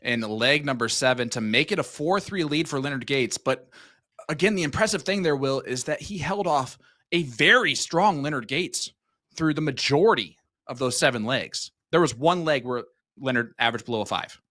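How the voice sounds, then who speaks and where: A man commentating a live darts match, calling the play and reading viewer shout-outs in a friendly way. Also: medium pitch, animated, normal speed, dry recording, clean studio sound.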